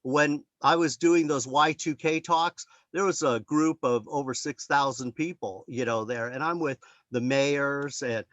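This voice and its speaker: A man's voice: medium pitch, a little slow, a bit bright, dry recording. A man presenting his book over a video call, telling stories in a rambling way and acting out the voices of the people he quotes. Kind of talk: casual talk on a video call.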